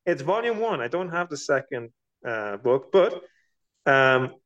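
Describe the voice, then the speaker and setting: A man's voice: mid-range voice, big pitch swings, unhurried, fairly bright tone, highs cut off. A man co-hosting a casual book podcast, easygoing and teasing. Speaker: podcast co-host.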